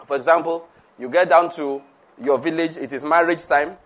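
A man's voice: a little high, moderate pace. A man preaching a conversational sermon, laughing often, repeating himself and asking the audience questions.

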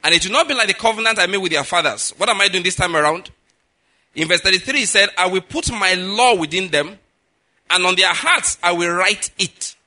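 High, sharp-voiced pastor preaching. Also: male voice, animated, brisk. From Nigeria. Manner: emphatic preaching, checking in with the listeners. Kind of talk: sermon.

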